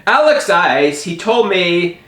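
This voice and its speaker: A man telling a personal story to the camera in an animated way, often stammering and restarting his sentences. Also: sits high, slow, reverberant.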